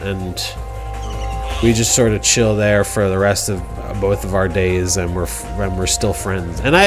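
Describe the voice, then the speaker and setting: Man, stream host, goofy, slangy, rambling, faint music behind. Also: medium pitch. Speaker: livestream host. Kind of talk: casual rambling storytelling on a game stream.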